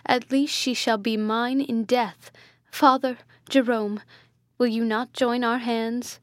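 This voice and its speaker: A passionate, hot-headed young prince pleads in urgent bursts, as a woman reads him aloud. The voice sits a little high and lively. The sound is close and dry. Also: slow pace, no echo. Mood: desperate.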